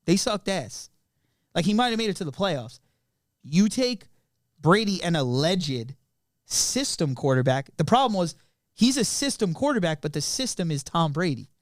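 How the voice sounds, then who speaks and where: A man's voice: high-pitched, normal speed, dry recording, studio quality. A young man, chatting on a podcast and telling stories with energy. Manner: animated, storytelling, retells skits with quoted voices. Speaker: podcast co-host. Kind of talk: casual chat.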